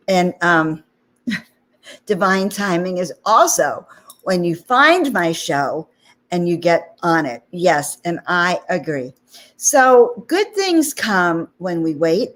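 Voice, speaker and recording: A woman hosting a spiritual talk channel, telling a personal story in a chatty way with frequent "okay?" and "you know" asides. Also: medium pitch. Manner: animated anecdote with frequent 'okay?' and 'you know' asides.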